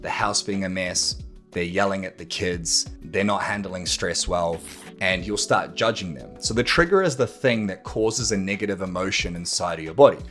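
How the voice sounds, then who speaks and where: A man's voice: fairly low pitch, a bit bright. A man hosting a podcast, talking straight to the listener in a blunt manner, swearing freely and acting out arguments. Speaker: podcast host. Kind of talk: monologue to camera.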